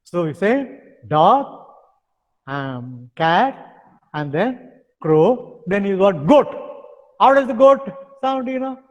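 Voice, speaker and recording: Indian English man as a yoga teacher, high-pitched and insistent, long echo around the voice. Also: very animated, takes it slowly, long pauses, dull audio. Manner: insistent, repeats words like "now" and "understand". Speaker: yoga instructor. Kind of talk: online yoga lesson with demonstrations.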